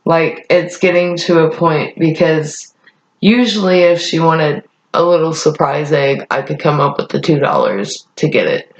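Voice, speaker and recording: A woman's voice: sits low, unhurried. A young woman vlogger rambling in a casual chat, blunt and profane. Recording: echoey room, dull lo-fi sound.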